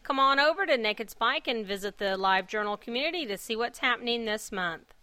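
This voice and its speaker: A woman hosting a podcast, reading a story aloud in an earnest, measured way. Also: on the high side, expressive, pushed and bright, dry recording. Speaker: podcast host and fanfic reader.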